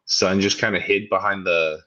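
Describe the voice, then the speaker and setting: Young male podcast co-host, deep voice, rambling and laughing, lo-fi sound. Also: steady tone, normal speed, sharp tone. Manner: rambling, laughs often, acts out kids' voices. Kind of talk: casual chat.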